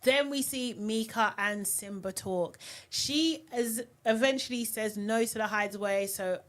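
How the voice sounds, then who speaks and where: A woman hosting a live reality TV recap, talking in an animated, outspoken way. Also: a little high, unhurried. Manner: animated and outspoken, often mocking voices. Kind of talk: live recap and review chat.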